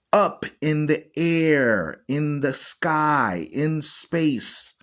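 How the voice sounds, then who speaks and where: A man hosting an online Bible radio show, teaching scripture in an emphatic, preachy way and repeating phrases for stress. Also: a little high. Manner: preachy, argues with viewers.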